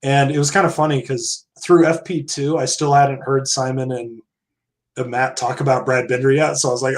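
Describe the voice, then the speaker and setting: A man's voice: medium pitch, flat delivery, normal speed. An American man co-hosting a podcast, talking casually and drifting into side topics. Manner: chatty, digressive, hedging. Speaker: podcast co-host. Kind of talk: casual chat.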